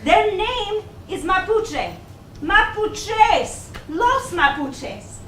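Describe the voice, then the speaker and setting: A woman with a non-native English accent, playing a fiery, sharp young actress who argues indignantly in a stage play. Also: high voice, sing-song, far from the mic. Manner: sharp, indignant, rapid-fire arguing. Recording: roomy stage, picked up from afar, noisy.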